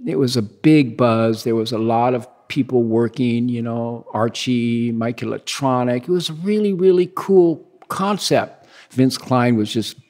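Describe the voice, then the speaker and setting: A man in his sixties from the United States, telling stories as a guest in a relaxed, rambling way and acting out the dialogue he quotes. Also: medium pitch, a little slow. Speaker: guest, big-wave surfer. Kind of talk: casual storytelling interview.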